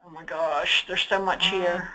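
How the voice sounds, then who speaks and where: A woman's voice: lowish voice, fairly even intonation, a little slow, pushed and bright, slight background noise, poor audio. A woman teaching a webinar while walking through reports on her screen, chatty and emphatic, often checking in with "okay?". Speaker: data trainer. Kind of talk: webinar screen-share walkthrough. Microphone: computer mic for online webinar.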